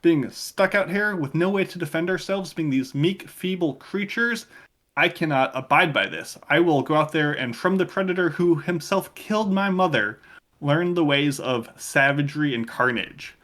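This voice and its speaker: A man's voice: on the high side, moderate pace, fairly bright tone, natural voice. A man voicing an earnest young male lamb who swears to learn savagery from a wolf, speaking grandly solemn.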